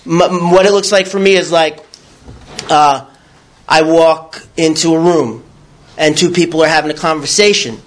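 High-voiced man telling recovery story. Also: moderate pace. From New York. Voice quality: raw, blunt storytelling with crude words. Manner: animated, acts out his own past thoughts. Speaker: recovery speaker. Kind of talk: candid personal testimony.

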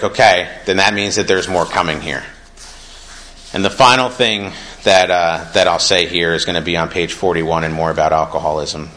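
A man's voice: low-pitched, pushed and bright, slight background noise, low-quality recording. A young man speaking earnestly at a recovery meeting, reading passages aloud from a book and reflecting on them in a conversational way.

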